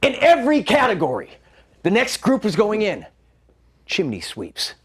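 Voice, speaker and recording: Guy telling a funny story on stage, high voice, really lively, wry. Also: moderate pace, husky. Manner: wry, animated. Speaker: solo storyteller. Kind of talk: performed comic monologue.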